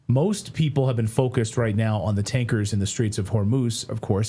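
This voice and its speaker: A man's voice: medium pitch, mellow. A middle-aged man hosting a news commentary show, talking to camera in a conversational way, correcting himself and dropping wry asides.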